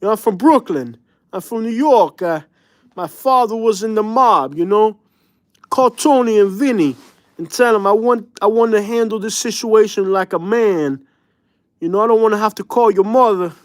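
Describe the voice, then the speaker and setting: Tough-talking big-city wiseguy with mob ties, pitched up and swaggering, very dry close sound, as a man puts him on. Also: normal speed, no echo, lightly acted. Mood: boastful. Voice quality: higher, exaggerated street-tough drawl. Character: brash tough-talking male New Yorker, mob-connected.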